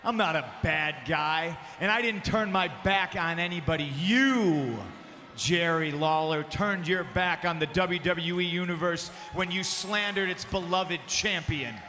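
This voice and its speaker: A man, a pro wrestling champion, cutting a mocking arena promo and often shouting into a handheld microphone. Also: high-pitched, a little slow. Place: large arena. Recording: long arena reverb with faint background noise.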